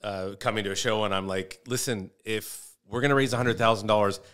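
A man's voice: lowish voice, steady tone, fairly quick, fairly bright tone, clear, resonant tone. A man who is a comedian, chatting casually as a podcast guest and telling rambling stories about his family. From Canada. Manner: rambling, storytelling with restarts.

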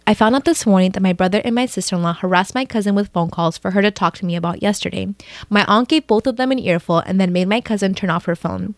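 A woman's voice: medium pitch, no room sound. A woman reading posts aloud in a storytime vlog, breaking in with blunt, sweary comments. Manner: blunt, swears freely in reactions. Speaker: storytime vlogger.

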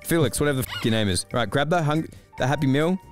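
A man gaming with friends, bossing someone around in shouts and laughing often. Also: a little high, expressive, very fast. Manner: bossy shouting, frequent laughter. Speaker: gamer. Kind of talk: casual gaming banter. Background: background music.

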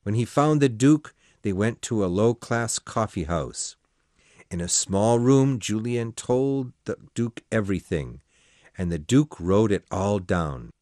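Male audiobook narrator, low voice with a lively, animated delivery, dry close recording. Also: a little slow, dry recording. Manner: expressive storytelling.

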